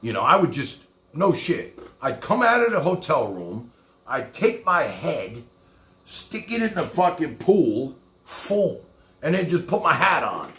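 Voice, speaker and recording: A man's voice: a little high, very animated, a little slow, a bit bright, echoey room. A man from New York with a New York accent, telling rambling, profane stories in casual talk as a streamer. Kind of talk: casual storytelling.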